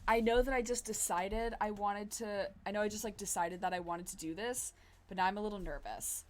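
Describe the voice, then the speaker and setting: Giggly, excitable woman streamer. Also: mid-range voice, a little fast. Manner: excitable, giggly, swears casually. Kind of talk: casual gameplay commentary.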